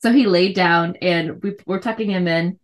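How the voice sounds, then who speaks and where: A woman co-hosting a podcast tells a story in casual chat, animatedly acting out what people said and laughing often. Her voice sits on the low side at a normal speed.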